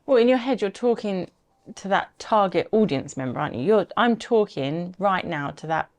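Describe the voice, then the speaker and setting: A woman co-hosting a podcast, talking through tips in a lively, animated, conversational way. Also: medium pitch, moderate pace, muffled recording. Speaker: podcast co-host. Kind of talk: casual advice chat.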